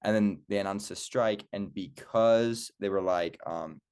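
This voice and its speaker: A man's voice: fairly low pitch, a little slow, darkish tone, clear, resonant tone. A young man guesting on a podcast, talking casually with lots of fillers.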